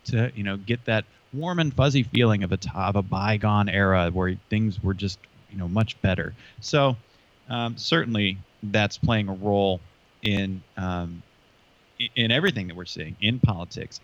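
A man's low voice comes through a dull, lo-fi recording. He talks with a dry, sarcastic edge and fills his sentences with ums and you knows. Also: moderate pace. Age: 40s. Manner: dryly sarcastic, lots of fillers. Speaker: podcast co-host. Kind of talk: casual discussion. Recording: dull lo-fi sound.

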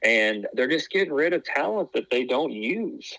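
The co-host, who once had a wrestling tryout, talks in an animated, forceful way at normal speed, his medium-pitched voice bright as he rambles casually and keeps restarting. There's no echo, though the recording is rough.

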